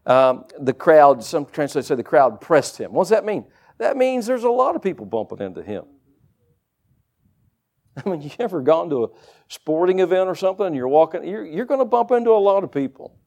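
A man with a fairly high, creaky voice preaches to a church congregation. His sermon is animated and conversational, sprinkled with folksy everyday asides.

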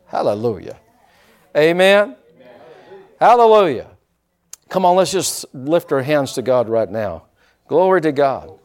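Emphatic preacher man, lively pitch. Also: normal speed. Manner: emphatic, dramatic preaching with sudden shouts. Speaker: pastor. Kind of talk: sermon.

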